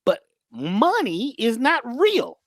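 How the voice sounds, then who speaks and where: A woman's voice: a little high, wildly swooping pitch, takes it slowly, no echo. A woman giving a preachy motivational talk as a guest, full of rhetorical questions, repeated phrases and slang. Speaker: guest teacher on mindset and healing.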